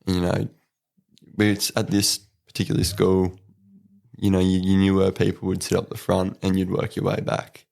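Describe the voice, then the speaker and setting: A young man with a deep, creaky voice and an Australian accent talks at a moderate pace in a laid-back podcast interview. The apprentice electrician spins relaxed stories as a guest, laughing as he goes.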